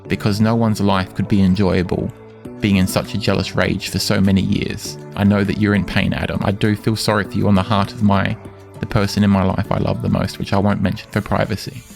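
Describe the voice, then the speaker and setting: A man speaking insistently to camera in a monologue, repeating and slowly stressing his words. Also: on the low side, level tone, vocal fry. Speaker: vlogger addressing his stalker. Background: music.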